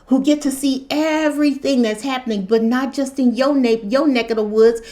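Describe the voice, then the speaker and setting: A woman's voice: sits high, normal speed, mellow. A woman giving an impassioned spoken commentary, asking question after rhetorical question. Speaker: spiritual commentator.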